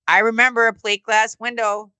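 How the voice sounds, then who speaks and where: A bright, forceful woman's voice, recorded dry and close with no room sound. She is middle-aged and tells stories in a loose, casual way, swearing freely. She acts out what people said with sudden jumps in pitch. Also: level tone, moderate pace, smooth, no room sound, low-quality recording. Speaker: interview guest, former wrestling announcer and musician. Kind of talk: casual storytelling.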